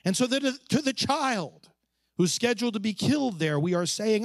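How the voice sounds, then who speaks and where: A priest preaching at a conference, emphatic and preacherly, asking rhetorical questions and repeating key phrases. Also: male voice, high-pitched, animated, moderate pace, dry recording, studio quality. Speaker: priest addressing a pro-life conference.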